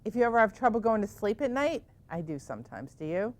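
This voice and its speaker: A woman teaching yoga to children in a gentle, encouraging way, asking them lots of questions. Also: mid-range voice, big pitch swings, fast.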